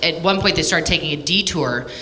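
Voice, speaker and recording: A woman's voice: deep voice, fairly quick, bright, forceful tone. A woman in the audience earnestly thanking the speaker, rambling a little with fillers. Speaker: audience member asking at Q&A. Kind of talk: audience comment. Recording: hall reverb with faint noise.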